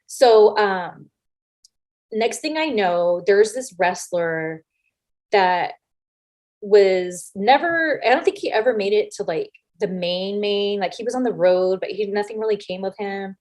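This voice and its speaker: A woman, a former wrestler as an interview guest, telling casual anecdotes in an animated way, acting out the lines of people she quotes and swearing freely. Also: medium pitch, a little slow. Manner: animated, acts out quoted lines with big voice shifts.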